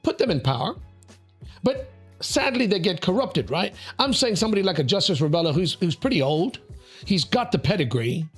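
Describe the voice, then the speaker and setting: A man in a talk show host's chair arguing his points with force, his voice sitting a little high. He stacks repeated words as he builds a point and drops in casual terms like mate and sweetie. Soft music plays underneath. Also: moderate pace, husky. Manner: animated, emphatic, interrupts, calls people mate and sweetie. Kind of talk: opinionated panel talk.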